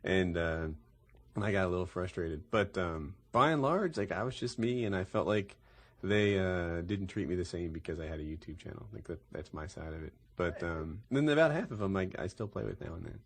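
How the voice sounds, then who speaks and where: Husky low-voiced young man rambling. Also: expressive, fairly quick. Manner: rambling, self-correcting storyteller. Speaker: YouTube gamer, podcast host. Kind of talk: casual group chat.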